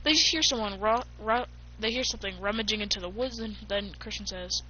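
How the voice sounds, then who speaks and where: A chatty woman narrating her own fan story, tossing in quick asides. Her voice is bright and forceful. The recording is dull and lo-fi, with a faint hiss behind her. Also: mid-range voice. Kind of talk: casual fan-fiction narration.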